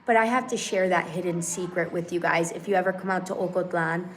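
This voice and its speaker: A woman's voice: fairly low pitch, a little fast, slight background noise. A woman hosting a casual live stream at home, telling a story animatedly and acting out the dialogue. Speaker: channel host. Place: home in Mexico.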